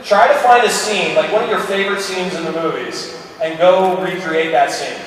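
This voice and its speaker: A man's voice: high voice, moderate pace, slight background noise. A man on a convention panel giving rambling, encouraging advice to fans with plenty of enthusiasm. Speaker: actor and panel guest. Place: large convention hall. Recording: echoey convention hall from far off.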